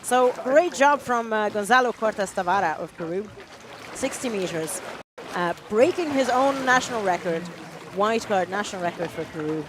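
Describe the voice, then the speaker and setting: A woman's voice: mid-range voice, animated, moderate pace, background noise. A woman giving live sports commentary in a chatty, encouraging way, cheering the athletes on.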